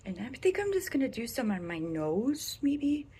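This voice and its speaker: A woman's voice: fairly high pitch, very animated, normal speed, mellow, breathy edge. Chatty young Midwestern woman vlogging makeup. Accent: American Midwestern. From American Midwest. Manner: chatty, rambling, often drops to a whisper. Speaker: beauty vlogger. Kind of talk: casual makeup review vlog. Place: bedroom.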